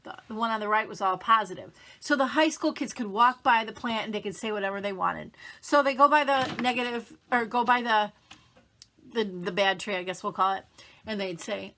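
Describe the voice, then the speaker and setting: A middle-aged woman speaks straight to her viewers in a casual, encouraging talk. Her voice is bright and sharp, at an ordinary pitch for a woman. She chats along, dropping into little acted-out quotes of everyday self-talk. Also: moderate pace. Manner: chatty, upbeat, acts out quoted self-talk. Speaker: motivational vlogger. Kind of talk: casual motivational talk to camera.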